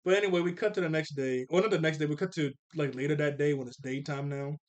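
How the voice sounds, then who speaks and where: A man's voice: on the high side, steady tone, fast. A young man casually recapping a cartoon episode, laid-back and slangy, with chuckling asides.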